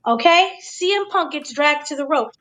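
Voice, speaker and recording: High-voiced woman recapping wrestling. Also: normal speed, low-quality recording. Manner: animated, acts out quotes. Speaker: host.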